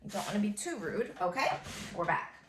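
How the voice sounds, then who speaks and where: A young adult woman teaching a first grade phonics lesson, encouraging and sing-song, stretching out sentences slowly as she dictates them. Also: mid-range voice, big pitch swings, noisy background. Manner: slow, drawn-out dictation of sentences. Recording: echoey room.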